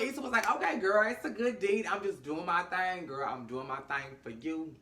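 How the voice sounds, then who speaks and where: Animated, slangy woman with a bright voice. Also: lowish voice, fairly quick, hardly any pauses. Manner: animated, acts out characters' lines in different voices; slangy and profane. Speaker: TV episode recap host. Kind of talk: casual storytelling recap.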